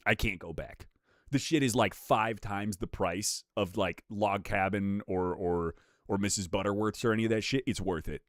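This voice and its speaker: A man's voice: fairly low pitch, normal speed, dry recording, studio quality. A young man streaming live, bantering with chat in a joking, profane way.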